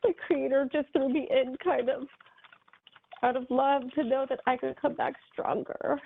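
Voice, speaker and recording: A woman's voice: high voice, fairly even intonation, normal speed, creaky, a little hiss or hum. A woman speaking as a hypnosis client in trance, emotional and full of wonder. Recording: tinny phone-like call line.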